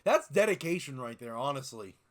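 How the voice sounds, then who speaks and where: A man's voice: mid-range voice, big pitch swings, a little fast. A male streamer giving casual reaction commentary, loose and full of swearing.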